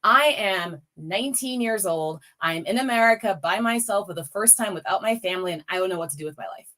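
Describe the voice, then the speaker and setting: A woman's voice: mid-range voice, lively intonation, brisk, bright, forceful tone. A woman in her forties, a guest speaker on a campaign call, telling a personal story with emotion and rallying her listeners directly. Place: lives in the US Midwest.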